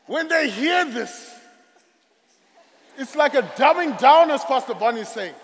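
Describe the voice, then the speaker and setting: Male preacher, high and very lively voice, slow emphatic sermon, echoey church hall. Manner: dramatic, emphatic, drawn-out phrasing.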